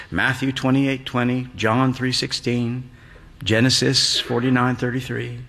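Slow, reflective older man narrating. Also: mid-range voice, a bit bright. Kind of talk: literary story reading. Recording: long hall reverb.

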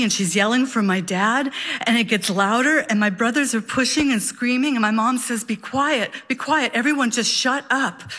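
A woman's voice: medium pitch, fairly bright tone, long reverb tail. Woman telling a dramatic story. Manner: dramatic, with slow suspenseful pauses. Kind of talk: live personal storytelling.

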